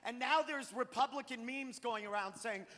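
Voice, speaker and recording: A man from Maine in his thirties doing a live stand-up set, profane and ranting, often bursting into shouts. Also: very high-pitched, moderate pace. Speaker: stand-up comedian. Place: large theater stage. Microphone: handheld stage mic. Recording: live theater stream with long hall reverb.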